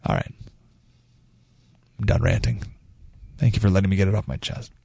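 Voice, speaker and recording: A man hosting a talk radio show, speaking in an animated, ranting monologue that often interrupts itself. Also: deep voice, normal speed, vocal fry, husky, no room sound, studio quality. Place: radio studio. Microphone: studio mic.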